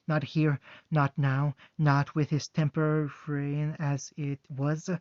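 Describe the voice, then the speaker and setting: A man reading fan fiction aloud, halting with fillers and restarts, on a dull, dry recording. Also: on the high side, a little mellow, no echo.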